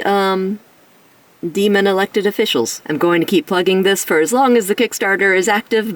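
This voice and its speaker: A toy reviewer whose voice sounds rough from illness talks through a casual action figure review. The delivery is chatty, with self-deprecating asides, at a middle pitch. The voice sits a little back from the microphone. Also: distant mic, rough recording. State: sick, rough voice.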